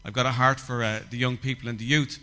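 A man's voice: mid-range voice, flat delivery, fast, sharp tone. An Irish man, a guest pastor, giving an earnest, hesitant greeting to a congregation. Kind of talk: church greeting.

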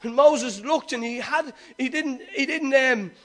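High-voiced man preaching a lively sermon. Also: unhurried. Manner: animated, repeats and restarts, swells to shouts. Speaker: pastor.

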